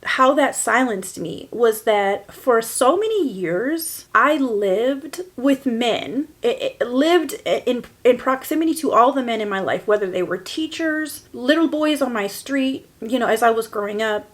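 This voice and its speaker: A woman's voice: a little high, lively intonation, a little slow, hardly any pauses. A woman in her forties hosting a personal podcast, telling her own story in a candid, emotional way. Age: 40s. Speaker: podcast host.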